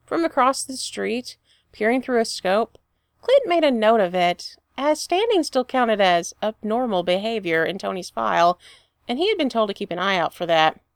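A woman reading a fan fiction story aloud with expressive storytelling. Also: a little high, moderate pace, no echo, clean studio sound. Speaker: reader.

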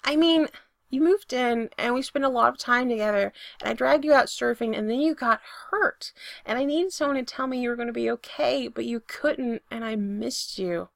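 A woman reading aloud, voicing a shy, flustered young man with a squeaky voice in a storybook romance. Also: moderate pace, gravelly, no room sound.

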